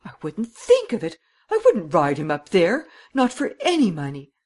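Shrill, frantic lady rider. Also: big pitch swings, normal speed, slightly rough. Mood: distressed. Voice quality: shrill, pleading. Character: anxious, tearful lady rider. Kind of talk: audiobook character reading.

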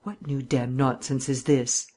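A man voicing an irritable, gruff district attorney who speaks curtly, in an audiobook reading. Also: mid-range voice, flat delivery, measured pace, darkish tone, close to an everyday voice. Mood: irritated. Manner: curt, growling.

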